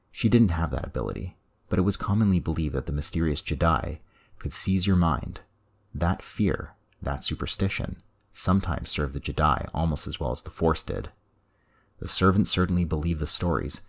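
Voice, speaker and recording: A man reads a story aloud with a very deep voice. The tone is husky and gravelly, and the narration stays measured and even. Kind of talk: audiobook story reading.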